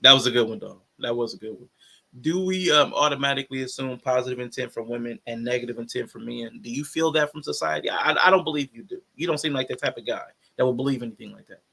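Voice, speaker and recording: A male podcast host with a gravelly, fry-tinged voice and a bright, forceful tone. He keeps things playful and encouraging, tossing questions to his guests and affirming them constantly. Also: mid-range voice, fast talker. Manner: playful, affirming, lots of backchannel. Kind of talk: casual podcast hosting.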